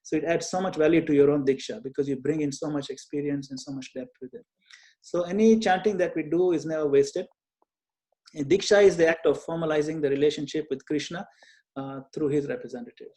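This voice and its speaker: A man leads an online group Q&A over a video call in a fairly high voice. He explains things gently and earnestly, pausing often with small hesitations as he searches for words. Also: fairly even intonation. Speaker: Q&A session leader.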